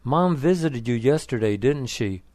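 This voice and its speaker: Anxious grown son, urgent pleading questions, a man reads him a touch higher than his usual voice, dry sound. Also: lively intonation, measured pace, a little mellow, dry recording, close to an everyday voice. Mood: concerned.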